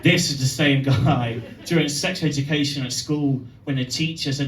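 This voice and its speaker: A man, doing a cheeky, punchy live stand-up set with dramatic pauses. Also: medium pitch, recorded from a distance. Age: 30s. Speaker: stand-up comedian. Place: pub venue stage. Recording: roomy live room with crowd noise.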